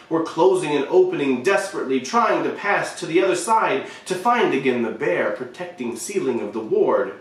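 Guy reading a short story, mid pitch, lots of room echo, kinda far off the mic. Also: animated, moderate pace, few pauses. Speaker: reader. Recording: very echoey room, voice away from the mic.

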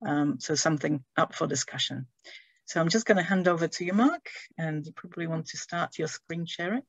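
A woman's voice: sits low, a little fast, slightly rough, dry recording. A woman hosting an online session, introducing a guest speaker in a hesitant way with many fillers. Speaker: event host. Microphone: video call.

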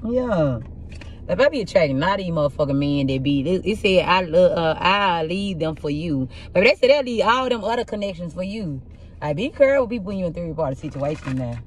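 A young woman with a rough, husky voice, doing a casual tarot reading and telling blunt, profane stories in an animated way. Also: fairly low pitch, a little hiss or hum. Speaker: tarot reader.

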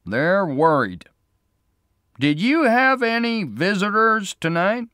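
A man doing a slow, measured small-town sheriff. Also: high-pitched, sing-song, sharp tone, clear, resonant tone, no echo, studio quality, voice pushed up, heavily acted. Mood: explaining. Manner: measured, questioning. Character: small-town male sheriff, patient and steady.

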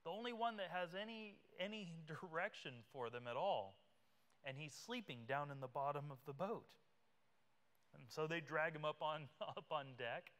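Bright, clear-voiced pastor in a reverberant hall. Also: male voice, a little high, normal speed. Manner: conversational, vivid retelling that acts out the characters. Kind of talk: sermon. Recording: reverberant church hall live stream.

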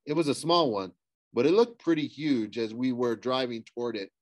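A man's voice: medium pitch, normal speed, no room sound. A man reading a novel aloud in first person, hesitant and often restarting his sentences. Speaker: audiobook reader.

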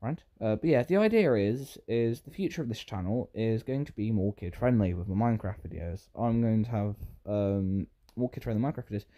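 A man's voice: on the low side, brisk, few pauses, warm tone. A British man giving rambling, self-interrupting commentary while playing a game. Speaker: gaming YouTuber. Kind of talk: Minecraft gameplay commentary.

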